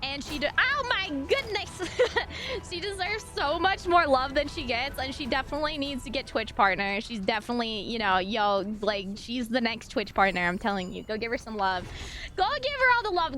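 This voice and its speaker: A high, bright woman's voice, bubbly and excitable as she streams as a VTuber. She chats casually and reads her chat aloud, laughing often and sounding emotional, close to tears. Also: normal speed, faint music behind.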